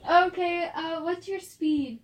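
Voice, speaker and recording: A woman's voice: extremely high pitch, steady tone, slow pace. A woman running a tabletop game as game master, playful and slipping into character voices.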